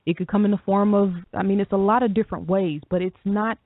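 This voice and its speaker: A woman co-hosting a call-in radio show who talks in a reflective, measured way, pausing often with ums. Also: mid-range voice, steady tone, no room sound. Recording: dry tinny phone line.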